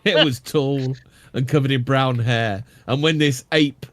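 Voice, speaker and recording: A man cohosting a laid-back podcast, reading strange sighting accounts aloud. He trips over awkward phrasing and chuckles at it before going on. His voice sits at an ordinary middle pitch for a man. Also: measured pace. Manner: reads accounts aloud, stumbles and chuckles at the wording. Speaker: podcast co-host.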